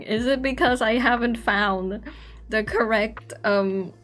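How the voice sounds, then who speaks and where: Slow-talking young woman streamer, rambling. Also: fairly high pitch, fairly bright tone, faint music behind. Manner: rambling, self-conscious, laughs often. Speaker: artist streamer. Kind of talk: casual streaming chat while drawing.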